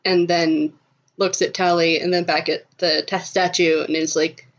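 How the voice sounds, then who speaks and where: A woman's voice: on the low side, little pitch movement, normal speed. Giggly woman narrating a tabletop game. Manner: giggly, casual, lots of "kinda". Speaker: game master. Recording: slightly muffled lo-fi audio.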